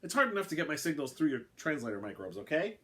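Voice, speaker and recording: A brash, bossy alien announcer, put on by a man reading aloud, pitched up above his usual voice. He rattles off rules impatiently and sounds irritated by questions. His delivery rises and falls in a lively way. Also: fast talker. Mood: flippant. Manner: flippant, impatient, chatty. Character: brash, sarcastic male alien game announcer.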